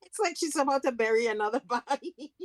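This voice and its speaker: A woman co-hosting a podcast, chiming in with quick jokes and reactions during a casual recap. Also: high voice, animated, no echo, studio quality. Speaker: podcast co-host. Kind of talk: casual episode recap chat.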